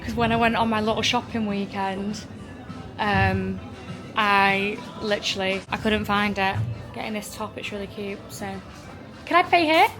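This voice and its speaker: A woman's voice: medium pitch, normal speed, over music. A young woman from England with an English accent, chatting casually to her phone camera in a travel vlog, gushing and filler-heavy. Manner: chatty, gushing, lots of "like" and "oh my God". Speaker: travel vlogger.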